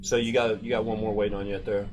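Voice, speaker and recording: A man's voice: fairly low pitch, little pitch movement, rapid-fire, over music. A man in his forties hosting a casual interview show, easygoing and supportive, often laughing along with his guest. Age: 40s. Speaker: podcast host. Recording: noisy background ambience.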